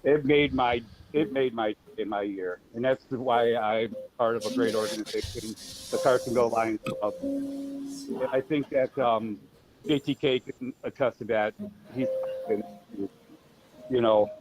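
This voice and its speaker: Male co-host, mid-pitched, long rambling stories, lots of ums and restarts, casual and crude. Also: steady tone, measured pace, a crowd in the background, low-quality recording. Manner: rambling storyteller, many fillers and restarts. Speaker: podcast co-host. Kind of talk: casual podcast chat over remote call.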